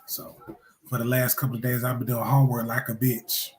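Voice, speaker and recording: A man's voice: mid-range voice, little pitch movement, fairly quick, slight background noise. Guy hosting a podcast, crude jokes, laid back, roomy echo. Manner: joking, loose, crude banter. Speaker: podcast host. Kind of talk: casual podcast chat. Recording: echoey room.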